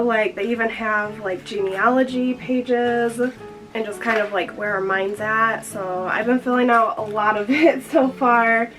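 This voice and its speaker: A woman's voice: on the high side, a bit bright, rough recording. A young woman chatting casually in a vlog, slightly out of breath, filling her talk with "like". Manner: chatty, fills with "like" constantly. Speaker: vlogger.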